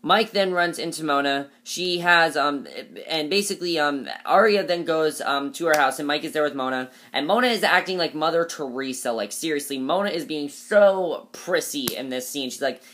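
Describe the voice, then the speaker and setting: A man's voice: on the high side, normal speed, few pauses, sharp tone. A man recapping a TV episode in a casual, chatty way, with many fillers and restarts and emphatic opinions. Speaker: TV episode reviewer.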